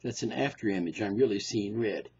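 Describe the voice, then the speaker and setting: A man's voice: on the low side, a little fast, a little mellow, husky, pitched below the performer's own voice. A man playing a sarcastic, contemptuous male psychiatrist, speaking in dry, sneering asides in a stage play recording. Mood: annoyed. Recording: dull lo-fi recording.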